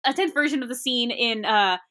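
A woman's voice: fairly high pitch, brisk, background noise. A woman in casual podcast chat about a film, giggling often, using lots of filler words and trailing off.

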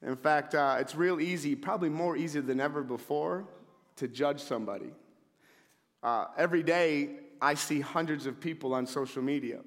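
Animated preacher in a reverberant hall. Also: male voice, a little high, moderate pace. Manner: animated storyteller, acts out shouting scenes. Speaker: pastor. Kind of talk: sermon. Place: church sanctuary.

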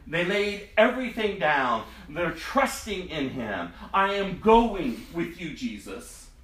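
A man preaches a sermon dramatically and emphatically, his voice sharply rising and falling. It sits on the high side, very animated, slow, and a bit bright, captured by a distant mic in an echoey room.

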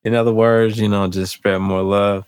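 A man's voice: fairly low pitch, little pitch movement, normal speed, smooth, dry recording. A man co-hosting a casual podcast, talking in a rambling, reflective way, often laughing and filling gaps with "you know what I mean". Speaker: podcast co-host. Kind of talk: casual chat.

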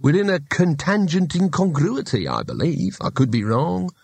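A man voicing a fussy, salesy little male shopkeeper with a chatty, brisk manner. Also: on the high side, very animated, vocal fry, darkish tone, husky, no room sound, voice pushed up, full character voice.

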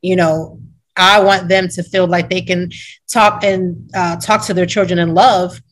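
A woman's voice: on the low side, little pitch movement, unhurried, low-quality recording. A woman hosting a conversation, speaking in an earnest, reflective way. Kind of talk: conversational interview.

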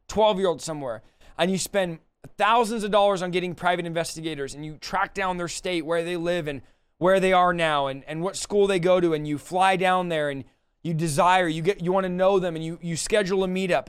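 A man's voice: on the high side, clean tone. A middle-aged man preaching a sermon and praying, impassioned and pleading, often acting out both sides of a dialogue. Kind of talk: sermon with prayer.

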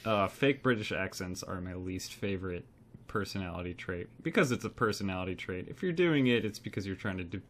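A man's voice: low-pitched, animated, a little fast, fairly bright tone, slight background noise. A man co-hosting a casual film podcast, blunt and joking, with some swearing. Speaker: podcast co-host.

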